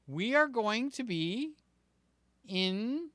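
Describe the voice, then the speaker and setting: A man hosting a live stream, chatting casually and warmly greeting his viewers by name. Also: very high-pitched, animated, drawn-out words, dry recording. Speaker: livestream host.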